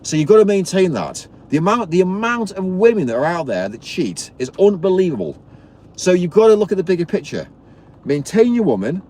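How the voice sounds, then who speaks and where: Man ranting, pitch swooping all over. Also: sing-song, fairly quick, warm tone. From Britain. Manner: blunt, preachy, swears, repeats himself. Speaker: live streamer. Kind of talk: ranting live stream monologue.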